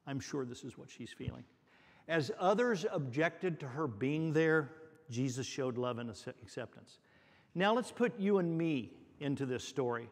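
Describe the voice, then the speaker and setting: Male pastor, fairly high voice, unhurried earnest sermon, long church reverb. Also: expressive. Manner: earnest, repeats words for emphasis. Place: church sanctuary.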